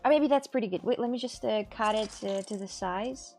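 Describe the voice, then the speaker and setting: A woman's voice: fairly high pitch, fairly quick, darkish tone, faint music behind. A woman making clay crafts on a live stream, rambling and repeating herself as she talks to her viewers, with a lilt. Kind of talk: casual live-stream chat.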